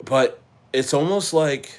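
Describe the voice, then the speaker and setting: A man hosting a casual crypto livestream, rambling with many halting restarts as he answers his chat. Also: fairly high pitch, a little mellow. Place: living in Chile.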